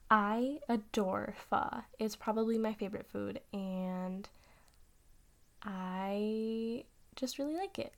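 Slow, giggly young woman with vocal fry. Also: mid-range voice. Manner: rambling and giggly, often trailing off with fillers. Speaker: audio role-play creator. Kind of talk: casual Q&A chat.

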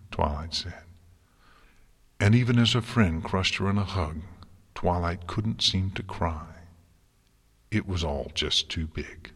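A man narrating a story in a slow, hushed, solemn way, sometimes dropping to a whisper. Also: sits low, slightly rough. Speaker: story reader. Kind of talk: narrating fan fiction. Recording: long hall reverb.

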